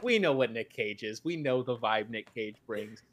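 A man in mid-range pitch talking casually on a podcast. He rambles, restarting sentences and stacking fillers as he works out his thoughts. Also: animated, moderate pace, a bit bright. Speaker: podcast co-host. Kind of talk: casual chat.

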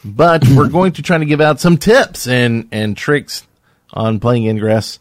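A man's voice: mid-range voice, fairly even intonation, a little slow, no echo, studio quality. A man co-hosting a podcast in casual chat, rambling and hesitant with many fillers. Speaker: podcast co-host.

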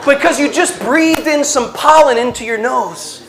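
A Catholic speaker, a man with a very high-pitched voice, gives an inspirational religious talk. He tells stories slowly, with dramatic pauses, in a playful and animated way.

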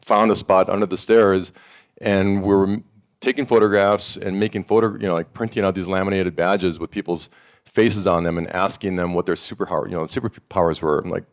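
A middle-aged man from Montana telling a lively story on a panel, acting out the people he quotes. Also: sits low, brisk. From Montana, USA. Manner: animated storyteller, acts out quoted voices. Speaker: founder of a summit and network.

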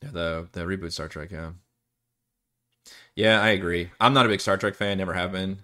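On a live stream, a dungeon master from Texas, USA, rambles through campaign prep in a casual way, cursing at times and starting sentences over. He has a deep voice, bright and forceful, at normal speed.

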